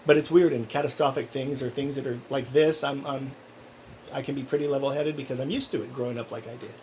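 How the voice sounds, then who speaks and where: A man's voice: medium pitch, fairly even intonation, quick pace, darkish tone, a little hiss or hum, poor audio. A man talking casually in a personal vlog, rambling and earnest, with many restarts. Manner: earnest, encouraging. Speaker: vlogger.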